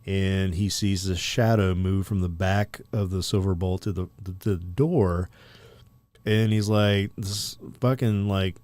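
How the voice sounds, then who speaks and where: A man's voice: low-pitched, fairly even intonation, a little slow, darkish tone, no echo. A man co-hosting a podcast, telling a story in a rambling, casual way full of fillers and profanity. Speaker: podcast co-host.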